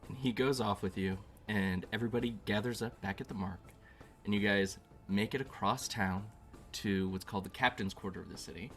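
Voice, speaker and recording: Joking game master, bright voice. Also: male voice, fairly low pitch, brisk, soft background music. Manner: relaxed, joking, laughs often. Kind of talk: narrating a tabletop game.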